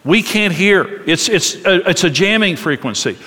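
A man's voice: lively intonation, normal speed. Married man preaching in a reverberant hall. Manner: earnest preaching, drops soft and low for quoted tender words. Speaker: pastor. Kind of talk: sermon.

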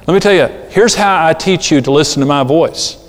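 A man's voice: fairly high pitch, a little fast. A man preaching a sermon, telling stories and acting out the people in them. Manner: storytelling, acting out quoted people. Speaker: pastor. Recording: long reverb of a large hall.

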